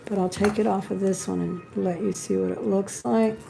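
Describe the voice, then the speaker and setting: A woman's voice: medium pitch, fairly even intonation, normal speed, gravelly, background noise. A woman hosting a live jewelry sale, chatting and admiring each piece as she shows it. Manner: chatty, admiring, talks while handling pieces. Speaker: live-stream jewelry seller.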